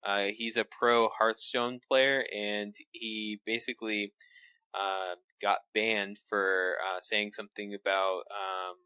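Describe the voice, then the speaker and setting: A man co-hosting a podcast, telling news in a halting, teasing way with many pauses. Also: lowish voice, level tone, bright, forceful tone, clean tone, dry recording. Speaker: podcast co-host. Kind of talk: casual chat.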